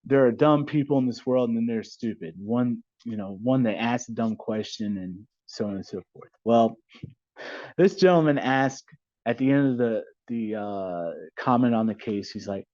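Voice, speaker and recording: A middle-aged man, a maritime attorney and podcast guest, telling blunt, animated stories in casual conversation. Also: mid-range voice, moderate pace, no room sound. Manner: blunt, animated anecdote teller. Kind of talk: casual storytelling interview. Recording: dull, slightly lo-fi dry sound.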